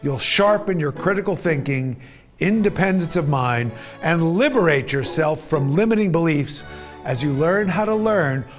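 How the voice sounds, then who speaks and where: A man narrating a scripted lesson in a measured, deliberate way. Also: on the high side, lively intonation, faint music behind. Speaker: course instructor.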